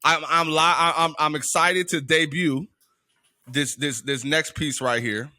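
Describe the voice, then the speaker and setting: A man co-hosting a podcast in casual chat, animated and playfully arguing back. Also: a little high, a little slow. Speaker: podcast co-host.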